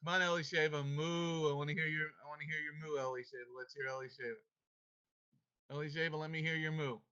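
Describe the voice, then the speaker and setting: A man's voice: a little high, steady tone, fast, pushed and bright. A man leading an online devotional class, emphatic and playful as he coaxes his students along. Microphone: video call. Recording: muffled video-call audio.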